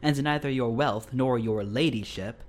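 A man's voice: mid-range voice, moderate pace, close to an everyday voice. A man reading the lines of a stern, coldly angry elderly guardian in a Victorian story, formal and scornful.

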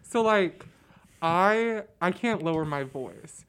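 A young man with a naturally high, light voice, chatting as a guest in a playful, sassy way with lots of fillers. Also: expressive, slow pace, a bit bright, smooth. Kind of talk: casual podcast chat.

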